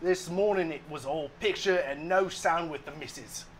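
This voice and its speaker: A man voicing a rough, hungover working-class London man in a put-on Cockney accent, gruff and clipped. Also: on the high side, normal speed, fairly bright tone, slight background noise, lightly acted. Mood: boastful.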